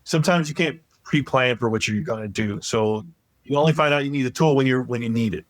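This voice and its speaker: A man's voice: medium pitch, a little fast, no echo. A man with a Cajun accent, a podcast guest who talks in a plainspoken, practical way. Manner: plainspoken, practical, with frequent "you know". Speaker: guest, tool company founder. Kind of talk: casual interview chat.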